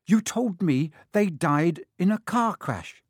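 A man's voice: high voice, expressive, slow pace, husky, dry recording, clean studio sound, exaggerated voice. Harry Potter, a man doing an earnest young boy. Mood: anxious, curious.

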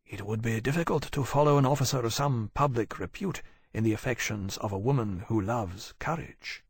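A man voicing a calm, perceptive male companion in a spoken storybook, speaking quietly and dryly. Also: fairly high pitch, unhurried, breathy edge, no echo, voice pushed up, heavily acted. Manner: quiet, dry.

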